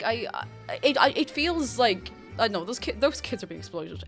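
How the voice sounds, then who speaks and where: A young adult woman chatting casually on a live stream. She talks to her viewers in an animated way, stops and restarts her sentences, and stays close to her desk mic. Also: on the high side, a little fast, soft background music. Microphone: desk microphone.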